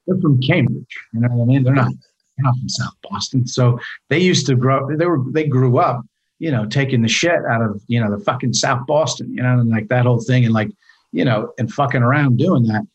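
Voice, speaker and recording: Husky-voiced man, relaxed and rambling. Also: medium pitch, brisk, muffled recording. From California. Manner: relaxed, rambling, profane, lots of "you know". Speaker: actor guest. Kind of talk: casual interview.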